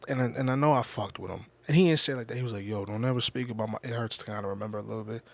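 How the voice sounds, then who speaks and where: He talks rapid-fire at a medium pitch, with vocal fry. The podcast host recounts a personal story in a casual, reflective way, often pausing to repeat words and swearing freely.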